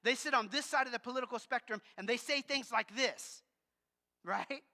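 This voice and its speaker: A man preaching a sermon to his congregation, a loud talker who speaks in an animated, conversational way. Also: very high-pitched, moderate pace. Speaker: pastor. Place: church sanctuary with congregation. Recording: long reverb of a large church hall.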